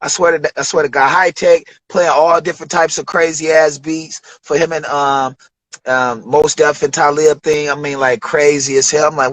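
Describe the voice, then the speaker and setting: Recorded dry and on poor audio, this man has a slightly high voice at normal speed. A Detroit rapper guesting on a casual interview, he tells studio stories with animation, voicing the people he quotes and cursing freely in profane slang.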